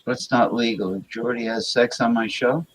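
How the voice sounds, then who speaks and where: A man's voice: medium pitch, fairly even intonation, moderate pace, breathy edge, low-quality recording. A man hosting a livestream, chatting casually and reading viewer comments aloud, crude and rambling, often stammering and repeating words. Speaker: livestream host.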